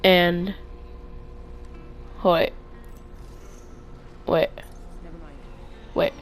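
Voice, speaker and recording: A young man casually telling storytime tales into a clip-on mic, rambling with restarts and getting loud when excited. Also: sits high, very slow, faint music behind, low-quality recording. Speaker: vlogger.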